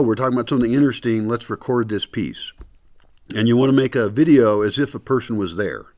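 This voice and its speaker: A male vlogger, candy in his mouth muffling him slightly, talks loosely to his camera inside a house before it's light out. He thinks aloud in a rambling way, with plenty of fillers, in a mid-range voice that's a little mellow.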